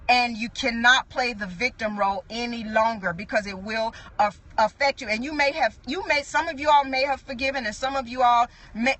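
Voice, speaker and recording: A high, bright woman's voice delivers a sermon. She speaks earnestly and conversationally, often restarting her phrases and breaking off into asides. She sounds middle-aged. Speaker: apostle preaching.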